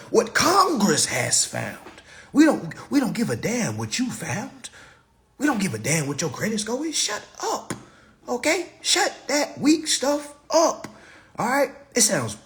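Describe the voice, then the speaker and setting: A man lectures his viewers in a high, restless voice that leaps all over the place. He mocks and preaches by turns, hitting single words with loud jabs. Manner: preachy, mocking, emphatic with sudden loud jabs. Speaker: consumer-credit commentator. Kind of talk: animated monologue to viewers.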